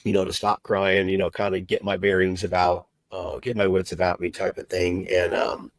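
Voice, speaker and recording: A middle-aged man telling his personal story as a podcast guest, heartfelt and halting, with many fillers and restarts. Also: low voice, monotone, no room sound, rough recording. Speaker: guest, recruiter and agency owner.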